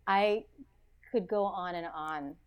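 Chatty, animated American woman. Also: on the low side, slow, clean tone. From United States. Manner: animated, reflective, full of "like" and restarts. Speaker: podcast guest. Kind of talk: casual interview chat.

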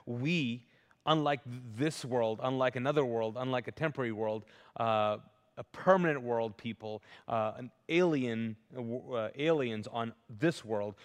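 A man preaching a live sermon as pastor, earnest and emphatic, often restarting his sentences. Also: mid-range voice. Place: large church auditorium. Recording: long hall reverb.

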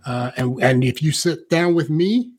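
A friendly man with a fairly high voice chats on a podcast as a sales coach. He is casual and matey, inviting listeners to book a call. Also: expressive, unhurried, darkish tone, slightly rough.

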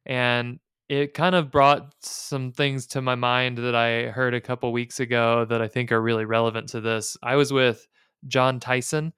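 A man in his thirties co-hosting a podcast, chatting casually with quick asides and jokes. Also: mid-range voice, flat delivery, a bit bright, clean tone, dry recording, studio quality. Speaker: podcast co-host. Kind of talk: casual chat.

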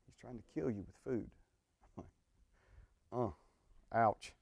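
A man's voice: medium pitch, expressive, takes it slowly, vocal fry, a little mellow, husky, dry recording. A man who is a pastor, teaching a church group in a folksy, joking way and saying amen often.

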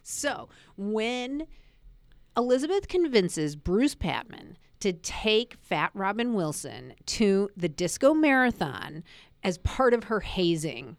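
A woman's voice: medium pitch, big pitch swings, slow, no room sound. A woman co-hosting a podcast, recapping a book in casual chat with sarcastic asides and frequent laughter. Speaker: podcast co-host.

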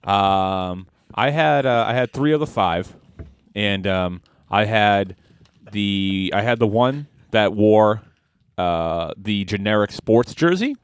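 A man on a comedy podcast tells a meandering story with a low voice that still swings widely in pitch. He stops and starts often, searching for words. The sound is close and dry. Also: animated, clear, resonant tone, dry recording. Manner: rambling, halting storyteller. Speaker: podcast co-host. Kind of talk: casual comedic chat.

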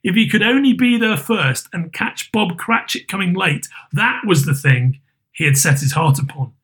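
A man narrating a classic story aloud with a lively, theatrical delivery. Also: high voice, normal speed. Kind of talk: expressive storybook reading.

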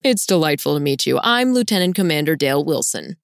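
A woman reading the lines of a charming, teasing male naval officer in an audiobook, in a smooth, playful manner. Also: low-pitched, very animated, a little fast, dry recording, clean studio sound, heavily acted. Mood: courtly.

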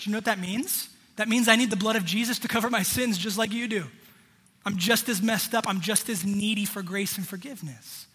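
A man's voice: sits high, pushed and bright, breathy edge, big-room sound. A man preaching a sermon, talking conversationally and addressing the congregation directly. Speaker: pastor.

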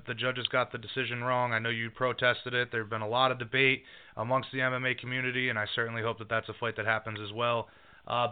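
A man's voice: medium pitch, clean tone, dry recording. A man hosting a fight-sport talk show, chatting casually and rambling a little as he corrects himself. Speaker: podcast host. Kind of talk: casual chat. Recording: tinny phone-like line.

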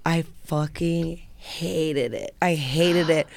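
A woman comedian telling stories in a casual chat, slipping into animated quoted voices. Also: deep voice, slow pace. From United States. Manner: animated, breaks into acted Italian and quoted voices. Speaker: comedian guest.

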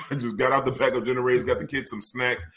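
Podcast co-host, New man, bright tone, animated and profane storyteller. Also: mid-range voice, fast. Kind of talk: casual storytelling chat.

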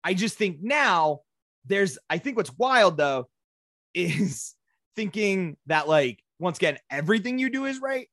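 Animated rambling man, dry close sound. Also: sits high, no room sound. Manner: animated, rambling, swearing, quick asides. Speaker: podcast co-host. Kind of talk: casual chat.

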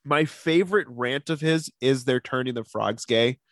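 A man's voice: medium pitch, moderate pace, dry recording, clean studio sound. A young man co-hosting a podcast, explaining a story at length with casual asides. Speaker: podcast co-host. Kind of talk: casual chat.

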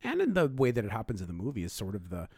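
A man's voice: on the low side, huge pitch swings, racing, darkish tone, dry recording. A man in his forties co-hosting a podcast in casual banter, laughing often and swearing through rambling asides. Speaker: podcast co-host.

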